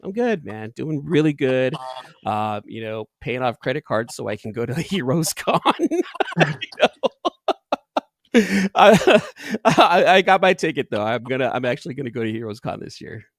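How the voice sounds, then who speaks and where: A man's voice: mid-range voice, expressive, brisk, dry recording. A male host from Northern California in a loose livestream hangout. His voice rises and falls a lot and sounds dry and close, and he laughs easily, trailing off and restarting his sentences. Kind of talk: casual chat.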